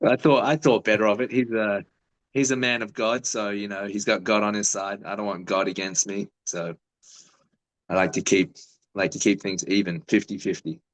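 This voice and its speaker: A man's voice: on the low side, steady tone, normal speed, rough recording. A man in his thirties, a fighter, telling stories in a casual interview with a laid-back, swearing manner.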